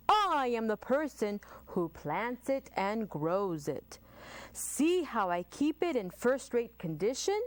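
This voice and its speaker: A woman's voice: on the high side, no echo. A woman voicing a proud male gardener who boasts that the garden is his, in a storybook reading. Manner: pompous. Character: proud grumbling man gardener.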